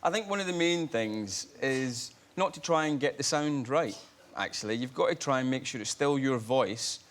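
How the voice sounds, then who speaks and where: A man's voice: mid-range voice, normal speed, a little hiss or hum. A Scottish man in his thirties, a guest actor telling self-mocking stories on a studio chat show. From Scotland. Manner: animated, self-mocking storytelling. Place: TV studio with audience.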